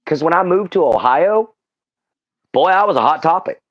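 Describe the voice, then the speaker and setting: A man's voice: on the high side, lively intonation, moderate pace, dull audio. Texan man chatting in earnest. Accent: Southern US, Texan. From Southeast Texas. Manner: rambling, earnest, with frequent fillers and restarts. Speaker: livestream guest. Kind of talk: casual chat.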